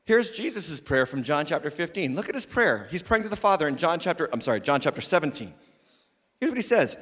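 Pastor, male, high and bright voice, emphatic sermon delivery with loud peaks and hushed asides, long hall reverb. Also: very animated, a little fast. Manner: emphatic preaching, swinging from loud declarations to quiet asides, with humor. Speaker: lead pastor. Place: church sanctuary.

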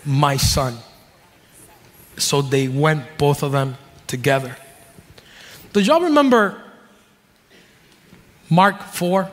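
A man in his thirties, a pastor, preaching a sermon with jokes, dropping to low asides and rising to shouted peaks. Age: 30s. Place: church hall. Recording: long reverb of a large hall.

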